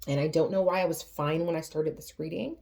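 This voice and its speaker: A woman giving a tarot reading to her viewers, earnest and emotional, often pausing and restarting her sentences. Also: sits low, steady tone, vocal fry, warm tone. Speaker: tarot reader.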